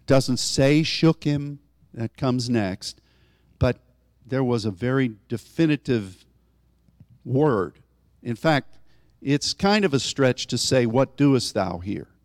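A man's voice: takes it slowly, long pauses, no room sound. Conversational man preaching, dry sound. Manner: conversational, animated, rises in pitch for emphasis. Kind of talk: sermon.

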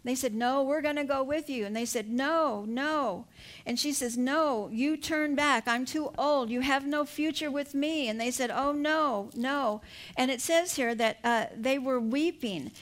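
An older female preacher with a high, light voice tells her sermon's story in a lively, animated way at a measured pace, laughing now and then. She drives each point home with emphatic appeals to her listeners.

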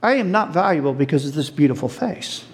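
A middle-aged man preaching a sermon, animated, asking the audience questions and laughing along with them. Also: a little high, quick pace, heavy background noise.

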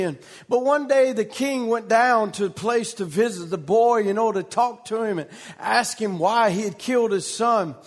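High-voiced male preacher. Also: normal speed. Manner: repetitive, restarting phrases, rhythmic preaching cadence. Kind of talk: sermon storytelling.

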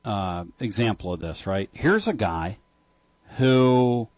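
A man hosting a sports call-in radio show, talking emphatically and trading quick remarks with callers. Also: lowish voice, no room sound. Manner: animated and emphatic, quick back-and-forth with callers. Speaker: sports talk radio host.

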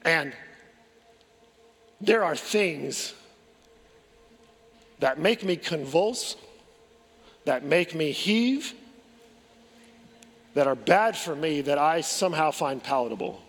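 A man's voice: on the high side, expressive, takes it slowly, long pauses, a bit bright, breathy edge. A man preaching a sermon as pastor, earnest, asking rhetorical questions and restarting his phrases. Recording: long hall reverb.

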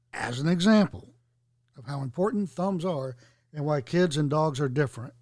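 A man's voice: on the high side, darkish tone, no room sound. Joking, rambling man on a dry mic. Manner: rambling, jokey, digressive storytelling. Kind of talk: casual podcast chat.

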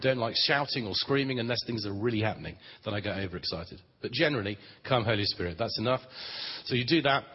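At a Christian conference, a fast-talking man with a mid-range, breathy-edged voice gives a plain, conversational teaching on prayer ministry, dryly humorous throughout. The large hall gives the recording a dull, reverberant quality.

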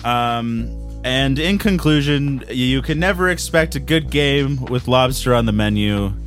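A man's voice: medium pitch, lively intonation, a little slow, fairly bright tone, faint music behind. A man co-hosting a comedy podcast, joking around and poking fun at himself. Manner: jokey, self-deprecating. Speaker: podcast co-host. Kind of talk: casual comedic chat.

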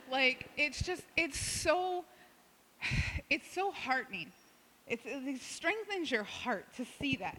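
A woman's voice: high-pitched, bright, forceful tone, slight background noise. A woman telling a story from volunteer work at a church gathering, acting out the people she quotes. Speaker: church group member sharing a story. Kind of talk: casual testimony sharing. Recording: long hall reverb.

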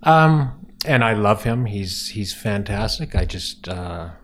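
Very low-voiced wry male filmmaker. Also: expressive, slow, a bit bright, a little hiss or hum. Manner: wry, self-deprecating storyteller. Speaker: film director guest. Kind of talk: casual podcast interview.

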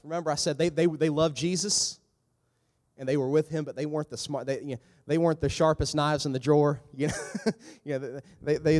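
A male pastor preaches in a loose, humorous way, with a voice pitched a little above most men's. He keeps tossing in asides and jumps into short voiced impressions. A long reverb from a large hall trails behind every phrase. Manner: animated, joking asides with quick voiced impressions. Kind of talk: sermon.

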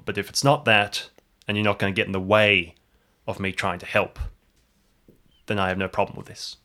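A man plays an earnest new park ranger laying down his terms. The voice is lowish and bright, slow and firm. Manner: firm, deliberate.

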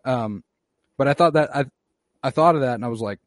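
A man's voice: medium pitch, brisk, no room sound. Dry-voiced man rambling about an episode. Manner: rambling, relaxed, restarts often. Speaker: podcast co-host. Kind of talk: casual chat recapping a TV episode.

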